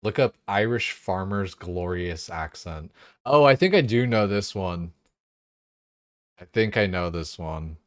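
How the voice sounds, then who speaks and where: Young male streamer, lowish voice, dry close sound, loose profane banter. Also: lively intonation, unhurried, no echo. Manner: loose, profane, chatty, laughs often. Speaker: game streamer. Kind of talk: casual live-stream chat.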